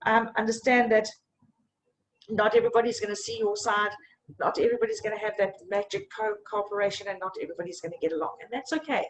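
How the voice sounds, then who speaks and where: A woman's voice: fairly high pitch, a little hiss or hum, low-quality recording. A woman coaching a group in a live online session, talking in an encouraging way and checking in often with "okay?".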